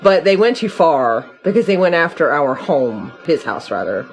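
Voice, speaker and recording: A woman's voice: sits low, sing-song, moderate pace. A woman hosting a casual podcast chat, laughing and prompting her guest with questions. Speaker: podcast host. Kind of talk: casual conversation.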